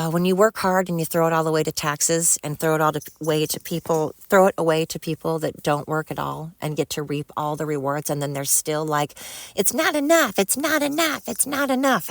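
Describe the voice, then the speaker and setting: A woman's voice: sits low, dry recording. A middle-aged woman hosting a solo podcast, rambling and heartfelt, swearing freely as she vents and then thanks her listeners. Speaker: podcast host.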